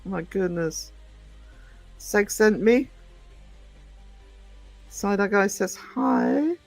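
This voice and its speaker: High-voiced man chatting on a livestream. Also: animated, extremely slow, soft background music. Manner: chatty, affectionate, calls viewers sweetie and darling; scattered, frequent ums and trailing off while reading chat. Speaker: live streamer greeting viewers. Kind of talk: casual live-stream chat.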